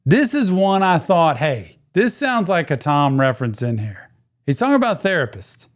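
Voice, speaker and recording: A man's voice: a little high, very animated, moderate pace. A man, a therapist, giving casual, enthusiastic and reflective commentary while reacting to a song. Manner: enthusiastic, reflective, talks over the track. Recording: music playing in the background.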